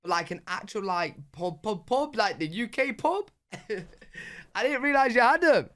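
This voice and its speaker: A man's voice: high-pitched, animated, a little slow, a bit bright. A British man in casual reaction commentary, chatty and saying "bro" and "like" often. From Britain. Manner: chatty, says "bro" and "like" a lot. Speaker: reaction video host.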